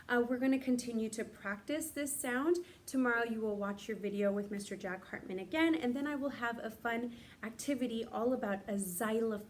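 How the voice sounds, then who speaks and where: A young woman teacher leading a recorded phonics lesson for young children, stretching out sounds slowly and cheering the kids on. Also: fairly high pitch, a little mellow, slight background noise. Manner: slow, drawn-out sounding of words with cheerful prompts.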